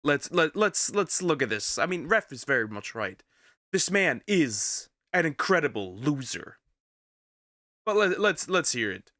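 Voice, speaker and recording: Bright-voiced sick man rambling in commentary. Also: fairly high pitch, very animated, a little slow, dry recording, clean studio sound. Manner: rambling, repeats words, frequent restarts. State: a little sick. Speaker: vtuber reacting to a video. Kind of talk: casual reaction commentary.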